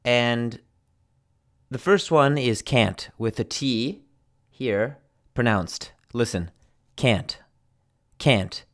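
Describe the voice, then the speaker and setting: A man with an American accent, teaching English pronunciation slowly and repeating each example. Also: medium pitch, fairly bright tone. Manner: slow, deliberate, repeats examples. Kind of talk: pronunciation lesson.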